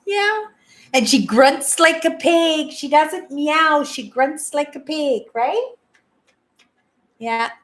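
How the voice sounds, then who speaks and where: A woman in her sixties from Canada chats casually with her livestream viewers. Her voice sits a little high, and she rambles and keeps asking "right?" between thoughts. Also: a bit bright. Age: 60s. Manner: chatty, rambling, tags "right?" after most sentences. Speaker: livestream host. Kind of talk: casual chat with live viewers.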